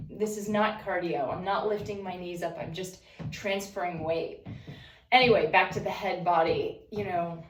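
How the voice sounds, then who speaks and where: A woman talking calmly and breathily while she stretches and breathes, walking through her routine in a room at home. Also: mid-range voice, recorded from a distance. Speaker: vlogger leading a stretching routine. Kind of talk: casual narrated stretching session. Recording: echoey room, away from the mic.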